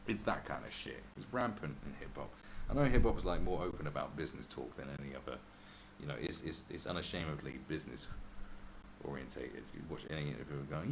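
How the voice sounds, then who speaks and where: A man's voice: a bass voice, fast, creaky. A man hosting a podcast, ranting in casual, profane chat and mimicking other people's voices. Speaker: podcast host. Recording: noisy background.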